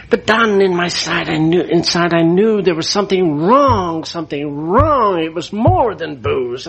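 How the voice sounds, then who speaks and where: A man's voice: fairly high pitch, unhurried, vocal fry, few pauses. A man, a priest, giving an emotional personal testimony about his recovery. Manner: emotional, animated storyteller.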